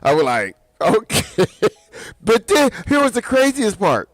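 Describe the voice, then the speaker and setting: A man's voice: sits high, huge pitch swings, a little slow, no room sound, studio quality. A man co-hosting a radio show, telling a story in casual chat, laughing often and acting out the voices of the people in it. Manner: laughs through his story, acts out quoted dialogue.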